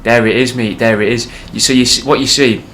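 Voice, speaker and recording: A man casually pitching a sketch idea, rambling with hesitant restarts. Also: fairly even intonation, a little fast, a bit bright, a little hiss or hum. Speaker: comedy podcast host.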